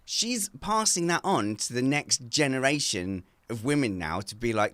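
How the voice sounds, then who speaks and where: A man co-hosting a casual chat from home over a video call, telling animated stories and laughing often. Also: fairly high pitch, moderate pace, few pauses, no echo. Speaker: podcast co-host.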